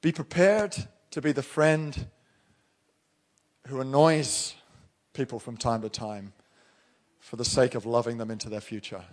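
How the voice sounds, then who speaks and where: A man's voice: medium pitch, steady tone, a little slow, long pauses, darkish tone. A man preaching a sermon as pastor, talking directly and emphatically and firing rhetorical questions at his listeners.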